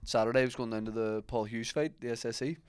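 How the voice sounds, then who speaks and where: A man's voice: medium pitch, quick pace, clean tone, dry recording, clean studio sound. A young man co-hosting a podcast, telling a long self-mocking anecdote in casual chat. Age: young adult. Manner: rambling anecdotes, self-mocking, laughs at himself. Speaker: podcast co-host.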